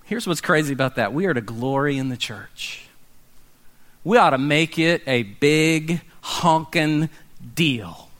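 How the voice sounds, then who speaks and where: Casting: male pastor, high bright voice, lively preaching that plays out quoted people. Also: a little slow. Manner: animated, acts out quoted people, calls for responses. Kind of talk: sermon. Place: church meeting in a warehouse.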